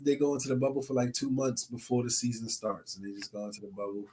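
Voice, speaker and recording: A man's voice: medium pitch, flat delivery, fast, dark tone. Laid-back profane male podcast host. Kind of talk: casual chat.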